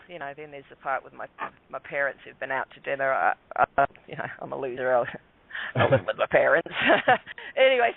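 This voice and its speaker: A man tells a rambling story, his voice sitting a touch high. He is heard over a tinny phone line with a dry sound and no room echo. His talk is full of fillers and restarts. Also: creaky. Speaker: guest. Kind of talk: casual storytelling.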